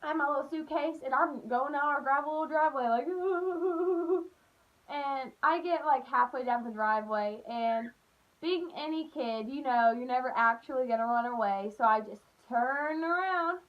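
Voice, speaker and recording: A young woman telling a childhood story on her vlog, animated and full of "like", acting out the voices. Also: sits high, normal speed. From Appalachian United States. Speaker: vlogger. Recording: dull lo-fi recording.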